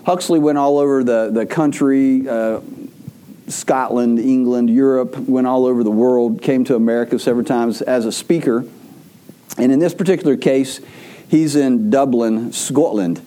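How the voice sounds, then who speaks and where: A pastor with a warm, mellow voice preaches a sermon to his congregation. He tells stories loosely and conversationally, stumbling and restarting often as he goes. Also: mid-range voice, normal speed. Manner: rambling storyteller with frequent restarts.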